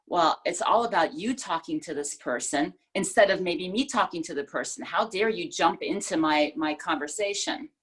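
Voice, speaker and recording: Woman doing a club speech on a video call, husky voice, low pitch, plays with emphasis. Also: fairly quick. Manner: expressive, demonstrates emphasis by changing stress. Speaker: speech presenter.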